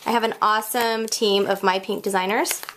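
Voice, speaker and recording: A woman's voice: mid-range voice, steady tone, fairly quick, a bit bright, slight background noise. A woman hosting a casual crafting tutorial at home, chatting and joking about her mistakes as she works. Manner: chatty, self-deprecating, talks while working. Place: home craft room, kids heard elsewhere in house.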